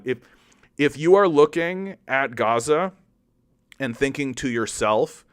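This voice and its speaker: A man's voice: measured pace, fairly bright tone. A man hosting a political commentary show, ranting angrily and sarcastically, swearing and restarting his sentences often. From Canada. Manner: angry, profane, with many restarts and repetitions; sarcastic, mocks opponents in exaggerated high voices. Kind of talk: heated political commentary monologue.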